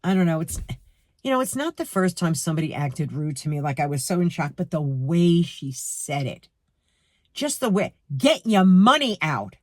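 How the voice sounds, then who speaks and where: A middle-aged woman with a New York accent ranting to her viewers about a rude cashier, heated and animated, speaking to them directly. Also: low voice, moderate pace, no echo. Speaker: vlogger. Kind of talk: storytime rant to camera.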